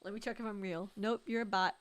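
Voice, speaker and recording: A woman's voice: mid-range voice, steady tone, fast talker. A woman streamer giving casual, joking gameplay commentary, swearing now and then.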